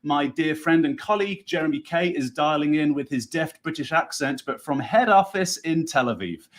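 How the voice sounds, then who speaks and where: A man's voice: a little high, moderate pace. A man with a New Jersey accent hosting a live online interview, talking in an effusive, enthusiastic, rambling way. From United States. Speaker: host.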